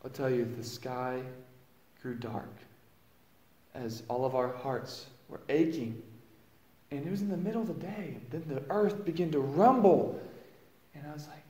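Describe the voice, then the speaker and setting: A man preaching a dramatic first-person monologue, storytelling and swinging from hushed lows to loud exclamations, recorded in a church. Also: unhurried, pauses often. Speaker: pastor. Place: church sanctuary. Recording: roomy echo.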